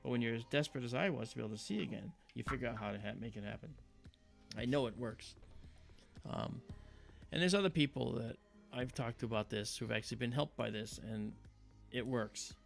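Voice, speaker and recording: A man hosting a livestream, talking casually and telling animated stories with quoted voices. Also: medium pitch, a little fast, gravelly, soft background music. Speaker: livestream host.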